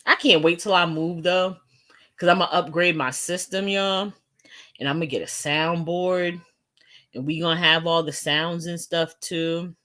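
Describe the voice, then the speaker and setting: Slow, laid-back woman streamer, low voice. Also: steady tone, fairly bright tone. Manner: laid-back, slangy, laughs often. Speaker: host of a live talk stream. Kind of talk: casual live-stream chat with viewers.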